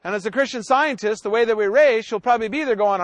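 Male pastor, very high voice, animated sermon storytelling, acts out dialogue; close, dead-dry recording. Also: quick pace, no echo.

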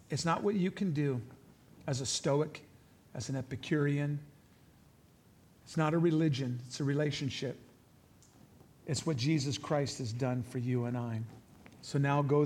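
A man preaching as a pastor in a church before a congregation, animated and conversational, joking and making asides to the people in the room. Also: a little high. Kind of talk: sermon.

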